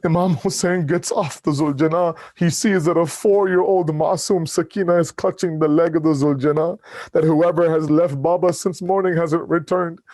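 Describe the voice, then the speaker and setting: A man delivering an emotional mourning sermon at a memorial gathering, telling the story with rising feeling and closing in calm, low prayer. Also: no room sound. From Canada.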